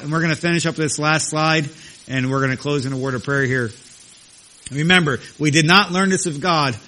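A man's voice: medium pitch, bright, forceful tone. A man preaching a sermon as pastor, emphatic and repetitive, his voice jumping up when he acts out quoted voices. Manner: emphatic, repeats phrases, rises sharply for quoted voices.

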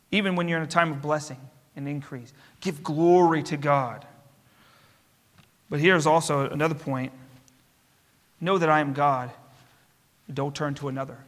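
A bright, high-pitched man preaches in a church, emphatic and rhythmic, stacking repeated phrases. His voice carries a long hall reverb. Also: unhurried, pauses often. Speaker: pastor. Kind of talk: sermon.

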